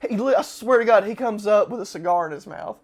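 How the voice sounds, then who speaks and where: A man, a podcast host, telling a long story casually and acting out the quotes with sudden shouts. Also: high voice, fast. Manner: animated, acts out quotes with loud shouts.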